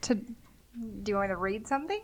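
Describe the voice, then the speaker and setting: A woman's voice: medium pitch, very animated, quick pace, slight background noise. A woman co-hosting a podcast, amused and easygoing in casual chat. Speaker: podcast co-host.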